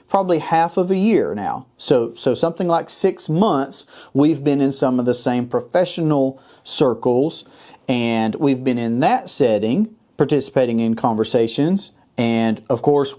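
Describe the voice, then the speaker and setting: Male host, mellow low-bright tone, rambling casual chatter. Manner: chatty and rambling, with many restarts. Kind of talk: casual interview hosting.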